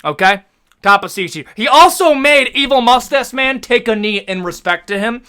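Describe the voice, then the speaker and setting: Young american dude ranking history stuff, loose slangy talk, bright high voice. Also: male voice, normal speed, smooth. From United States. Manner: slangy, animated, swears freely. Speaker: host. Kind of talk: casual tier-list commentary.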